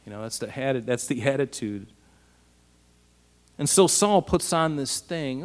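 Man, pastor, fairly high voice, lively conversational sermon, rhetorical questions, long hall reverb. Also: brisk. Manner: animated, asks rhetorical questions. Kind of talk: conversational Bible-teaching sermon.

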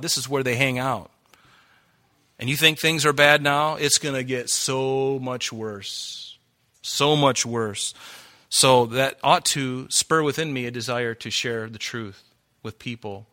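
In a church hall before his congregation, a man preaches with fervor, getting worked up and slipping into laughs and side remarks as pastor. His voice is a little high, pushed and bright.

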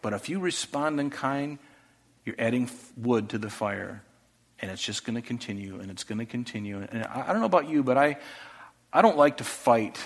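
A male pastor preaching a sermon earnestly, often dropping to a soft voice for rhetorical questions. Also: medium pitch, animated, moderate pace.

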